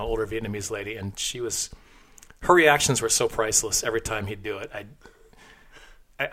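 A man's voice: fairly low pitch, a bit bright. A man hosting a podcast, telling a rambling, crude anecdote with frequent laughs and fillers.

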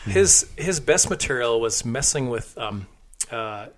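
A man's voice: medium pitch, lively intonation, unhurried. A man hosting a podcast, telling a rambling, crude anecdote with frequent laughs and fillers.

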